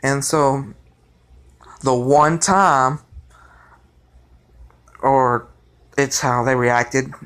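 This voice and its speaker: A young man telling a story from his life in a rambling, excitable way, with many restarts. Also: medium pitch, drawn-out words, long pauses, clean tone. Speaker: vlogger. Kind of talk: casual storytelling.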